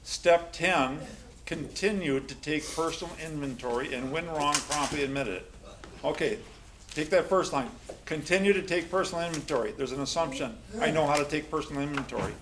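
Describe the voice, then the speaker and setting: A man's voice: fairly high pitch, fairly quick, background noise. A man leading a recovery class, telling personal stories in a joking, conversational way and putting questions to the group.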